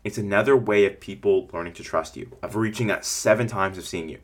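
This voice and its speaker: Guy with a lowish voice doing a business coaching podcast, talks fast and rambly, keeps acting out his customers. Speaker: podcast host. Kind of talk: casual business coaching talk.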